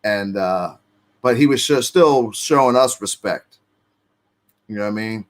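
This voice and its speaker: In an unhurried, low-side voice, a man spins his own tale, loose with the curse words and heavy on street slang, performing each quote as he goes.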